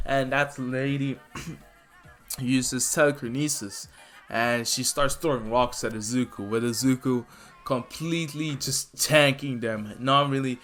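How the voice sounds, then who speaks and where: A man's voice: medium pitch, steady tone, takes it slowly, a bit bright. A man retelling a fan-fiction story in a loose, rambling casual way. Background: faint lofi music.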